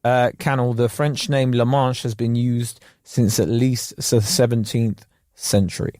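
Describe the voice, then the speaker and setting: A man's voice: medium pitch, flat delivery, measured pace, a little mellow, no room sound, studio quality. A man co-hosting a casual podcast chat, rambling with lots of fillers and laughing often. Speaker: podcast co-host.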